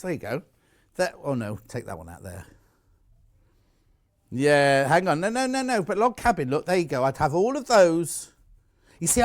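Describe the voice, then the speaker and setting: A man with a British accent presenting on a live craft shopping show, chatting and teasing as he reads out viewer messages. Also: on the high side. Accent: British English. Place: TV studio.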